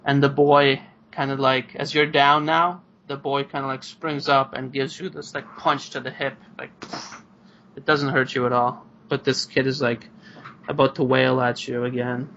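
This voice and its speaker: A man's voice: medium pitch, level tone, moderate pace, vocal fry, pushed and bright, slight background noise. A man narrating a tabletop game as game master, rambling with many fillers, over a video call. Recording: muffled lo-fi online call.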